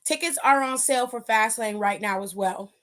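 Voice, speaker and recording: A woman's voice: a little high, moderate pace, fairly bright tone. A young woman hosting a casual wrestling aftershow stream, sassy and chatty, talking back to her chat and calling viewers pet names.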